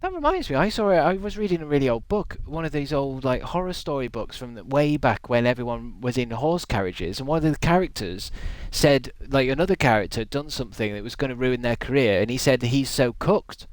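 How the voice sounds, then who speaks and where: A man's voice: medium pitch, brisk, few pauses, no room sound. A male game streamer chatting at his desk at home, rambling with self-mocking jokey asides as he signs off. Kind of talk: casual stream sign-off chat.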